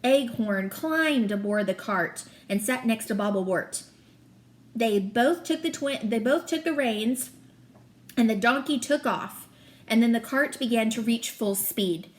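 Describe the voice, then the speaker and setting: A woman, a teacher, reading a children's novel aloud with steady, expressive storytelling. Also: on the high side, measured pace.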